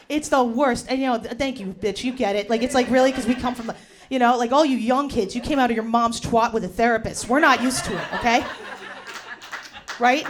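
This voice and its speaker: A woman in her forties from New York doing a brash, profane stand-up set in a bar, swinging from muttering to shouting. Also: a little high. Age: 40s. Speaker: stand-up comedian. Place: bar with a live audience. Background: audience laughter.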